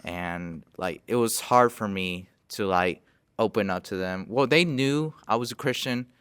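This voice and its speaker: A man's voice: on the low side, unhurried, a bit bright, smooth, dry recording. A young man hosting a casual podcast interview, rambling and stopping to correct himself with apologetic asides. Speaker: podcast host.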